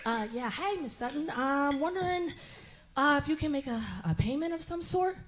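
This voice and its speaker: A woman putting on the voice of a timid, overly polite bill collector who stammers softly. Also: high voice, expressive, moderate pace. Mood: hesitant. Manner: hesitant, stammering, soft.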